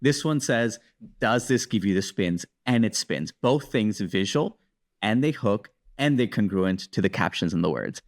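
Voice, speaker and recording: A man hosting a casual chat, explaining things in a relaxed way. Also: on the low side, measured pace. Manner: relaxed and explanatory, says "dude". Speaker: host.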